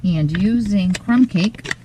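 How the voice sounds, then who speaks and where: A woman hosting a step-by-step card-making tutorial at her craft desk, talking in a relaxed, methodical way with frequent pauses to think. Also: mid-range voice, background noise.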